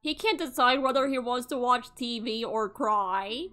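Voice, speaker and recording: A woman giving casual gameplay commentary, excitable and cursing freely, often laughing and shouting in mock outrage. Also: fairly high pitch, measured pace. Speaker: gaming YouTuber.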